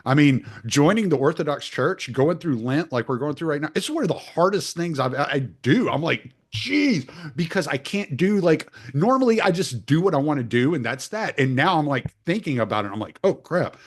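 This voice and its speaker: A man's voice: a little high, lively intonation, brisk, few pauses. A middle-aged American man hosting a podcast, chatting casually and telling rambling stories with lots of restarts and laughter. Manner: rambling storyteller with many restarts, laughs often. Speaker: podcast host. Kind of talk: casual chat.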